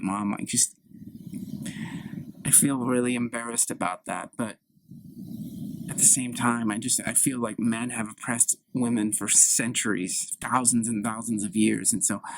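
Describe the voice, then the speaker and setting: A man's voice: medium pitch, slight background noise, natural voice, rough recording. A man improvising an anxious young woman complaining to her mother. She halts and repeats herself in a plaintive way. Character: anxious young woman, insecure and aggrieved daughter. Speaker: improv performer. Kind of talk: solo improv scene.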